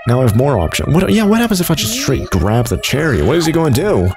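A man giving excitable gameplay commentary, reacting loudly and laughing often. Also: on the high side, quick pace. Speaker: let's play gamer. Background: game music.

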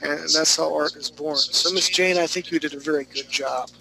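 A man's voice: a little high, fairly even intonation, normal speed, vocal fry. A man teaching a live drawing class online, critiquing student work with teasing banter. He sounds tired and yawns between remarks. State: tired, yawning. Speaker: drawing instructor. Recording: noisy live stream audio.

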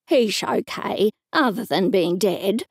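A woman's voice: medium pitch, animated, husky, no echo, studio quality, heavily acted. A woman voicing an anxious pleading male ghost with an Australian accent. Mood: urgent, pleading. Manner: slow, urgent pleading.

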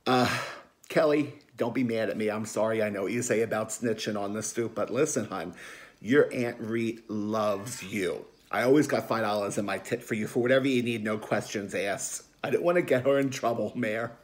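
A man's voice: lowish voice, moderate pace, natural voice. A man playing a gossipy South Philly aunt. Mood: defensive. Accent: Philadelphia. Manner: rambling, chatty, emotional, defensive. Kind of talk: comedic character monologue.

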